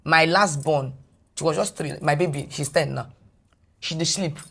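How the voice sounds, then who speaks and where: A Nigerian woman, a guest on a podcast, retelling a personal story in animated English mixed with Pidgin. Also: sits low, normal speed, creaky, breathy edge.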